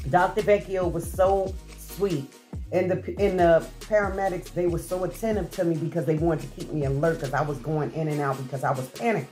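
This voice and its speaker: A woman's voice: low voice, a little mellow. A middle-aged woman vlogger telling a personal story to her viewers in a chatty, heartfelt way, with many fillers and restarts. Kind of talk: casual storytelling to camera.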